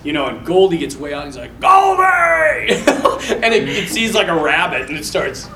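A man's voice: on the high side, animated, quick pace, echoey room, crowd noise, rough recording. A man, a Catholic priest, telling casual stories with frequent laughs, jokes and side stories. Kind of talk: casual storytelling to listeners.

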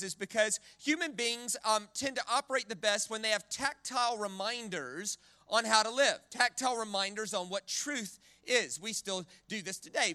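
A man preaching a sermon with a very high, bright voice and a dry, close sound. He is animated, has the crowd repeat words back to him, and often stumbles and restarts mid-phrase. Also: dry recording. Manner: animated, leads the crowd in call-and-response repetition. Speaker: guest preacher.

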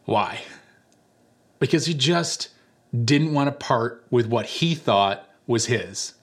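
A man, a church pastor, giving a sermon in a relaxed storytelling way, sometimes acting out the people in his story. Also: medium pitch, takes it slowly, slightly rough. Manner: conversational storytelling with animated voices for quoted characters.

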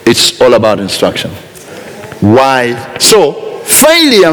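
High, lively male preacher in a hall. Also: measured pace. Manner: emphatic, swinging from soft to shouted. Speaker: pastor. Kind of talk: sermon. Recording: reverberant hall.

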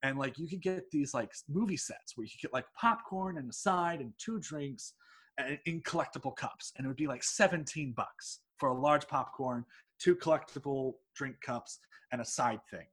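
A man who teaches English telling a personal story in a rambling, excitable way, swearing freely and laughing mid-sentence. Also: mid-range voice, normal speed, breathy edge. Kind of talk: casual anecdote telling.

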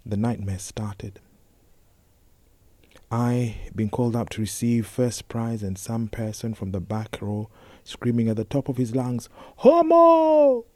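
A young man telling a personal story in a slow, intense spoken-word reading, often sinking to a whisper. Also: on the low side, steady tone, mellow, no echo. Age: young adult.

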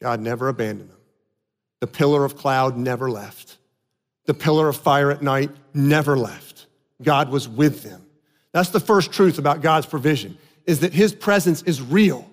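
A man preaching a sermon in an animated way, acting out the voices of the people he quotes. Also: mid-range voice, normal speed, in a large hall. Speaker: pastor.

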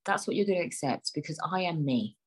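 A woman's voice: sits low, expressive, quick pace, slightly rough, low-quality recording. A woman hosting a solo podcast, rambling in a chatty, joking, self-mocking way. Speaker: podcast host.

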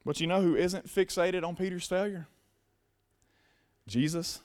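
A pastor preaches in a casual, emphatic way. His voice sits very high for a man. He addresses a congregation directly in a sermon. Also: fairly even intonation, measured pace.

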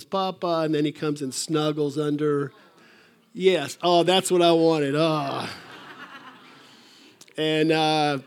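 Preaching to his church, an older male pastor rambles through a folksy sermon in a voice a little high for a man, with a darkish tone. He often pauses on fillers and restarts.

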